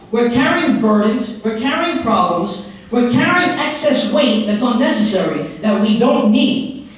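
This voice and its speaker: A man giving a motivational talk to a live audience, telling a story and acting out its characters. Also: very high-pitched. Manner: lively storyteller who acts out characters. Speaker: motivational speaker. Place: public library meeting room before an audience. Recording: very echoey hall recorded from far off.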